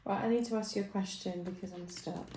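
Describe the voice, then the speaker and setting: A woman's voice: medium pitch, fairly even intonation, quick pace. A woman helping with a build at home, chatting in a playful, teasing way. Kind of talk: casual chat. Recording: echoey room with clear background noise.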